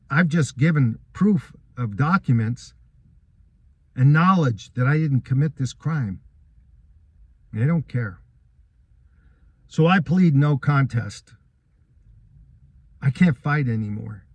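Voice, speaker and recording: A man's voice: medium pitch, expressive, takes it slowly, long pauses, darkish tone, no room sound, muffled recording. A man giving a first-person account of his court case, earnest and aggrieved, telling what happened step by step.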